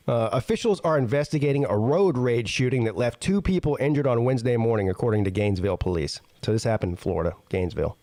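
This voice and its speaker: A man reads news stories on his show and stops often to react with blunt, salty asides. His pitch swings up and down a lot, especially when something strikes him as ridiculous. The sound is dry and close, with no room echo. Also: mellow. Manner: jumps high in pitch when incredulous. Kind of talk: casual news reading with commentary.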